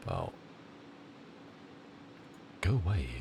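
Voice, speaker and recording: A man's voice: drawn-out words, very noisy. A middle-aged man with a southern English accent, chatting casually on a live stream while congested from a cold, rambling as he answers viewers. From southern England. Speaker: flight-sim streamer.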